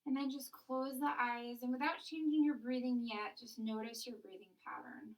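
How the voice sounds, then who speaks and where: A young woman leading a yoga class and guided meditation, talking softly and slowly, sometimes dropping to a whisper. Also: fairly high pitch, expressive, distant mic, low-quality recording. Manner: soft, slow instructing, sometimes whispered. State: out of breath. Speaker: yoga teacher.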